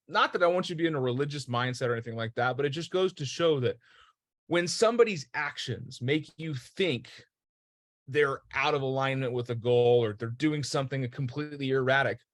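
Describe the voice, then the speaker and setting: A man's voice: medium pitch, a bit bright, dry recording, clean studio sound. A man hosting a motivational talk, earnest and emphatic, storytelling and asking rhetorical questions. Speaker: host.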